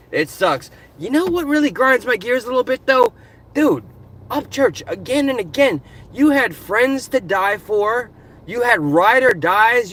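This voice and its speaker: A man's voice: high voice, pushed and bright. A man vlogging from his car into a phone, ranting passionately and animatedly in casual commentary. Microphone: phone camera.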